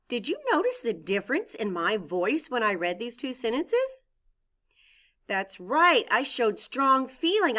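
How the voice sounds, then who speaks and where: A woman teacher records a lesson for young children. Her voice sits a little high and swings widely in pitch. She talks clearly and encouragingly, with expressive reading.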